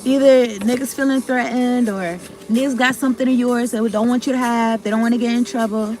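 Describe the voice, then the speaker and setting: A woman's voice: on the high side, fairly even intonation, a little fast, darkish tone, faint music behind. A woman giving a casual tarot reading to her viewers, rambling, cutting herself off mid-thought and talking in slang with some swearing. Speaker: tarot card reader.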